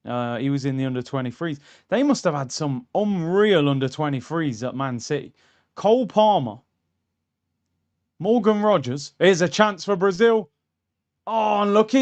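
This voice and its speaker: Excitable man with a high voice. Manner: excitable, blunt, quick to react. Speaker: streamer hosting a match watchalong. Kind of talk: live football watchalong commentary.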